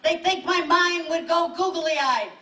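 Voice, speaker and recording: With an extremely high, sharp voice and an unhurried delivery, a Western New York woman running for Congress rouses an outdoor rally crowd. Her speech is emphatic, built on punchy repeated lines, and she has the local accent. The sound is distant and echoey, with the crowd audible.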